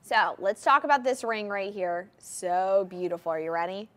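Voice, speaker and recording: A woman's voice: mid-range voice, expressive, normal speed, fairly bright tone. A woman hosting a live TV shopping show, presenting jewelry in an enthusiastic, gushing sales patter. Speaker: shopping channel host.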